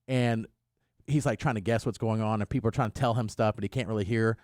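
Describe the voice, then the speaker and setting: In casual banter on his morning radio show, a male host spins a story, performing each quote with animation. He speaks quickly in a lowish voice, captured dry through a studio microphone.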